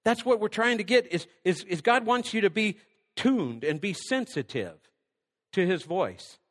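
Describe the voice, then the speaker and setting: A middle-aged male pastor preaching a sermon, swinging between loud emphatic lines and hushed near-whispers. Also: sits high, very animated, unhurried. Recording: long hall reverb.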